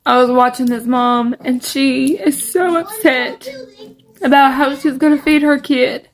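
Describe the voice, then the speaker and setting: A woman's voice: high voice, measured pace. A working mother ranting angrily and tearfully, swearing freely. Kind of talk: angry phone video.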